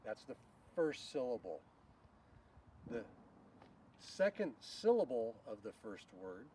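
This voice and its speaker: Lively slow-talking man teaching children. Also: medium pitch. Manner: slow, animated, leads shouted call-and-response. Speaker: children's Bible school leader. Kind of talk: teaching a game to children on video. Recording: distant mic with faint noise.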